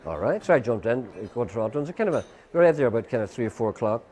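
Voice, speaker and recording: A man's voice: medium pitch, big pitch swings, rapid-fire, darkish tone. An older man with an Irish accent, a guest telling a long rambling anecdote and acting out what others said, with many fillers. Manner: rambling storyteller who acts out quoted voices, many fillers. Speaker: interview guest. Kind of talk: anecdotal storytelling.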